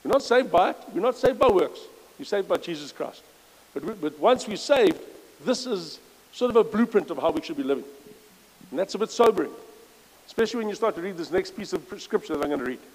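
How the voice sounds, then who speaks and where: High-voiced man preaching in a hall. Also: animated, fairly quick. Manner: conversational, reads scripture aloud with emphasis, self-correcting asides. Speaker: lay preacher. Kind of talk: informal church sermon. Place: church.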